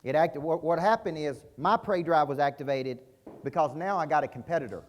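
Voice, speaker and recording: A man's voice: on the high side, a little fast, highs cut off. A middle-aged man giving an intense, punchy business-coaching keynote at a conference, often quizzing his audience. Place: conference hall stage.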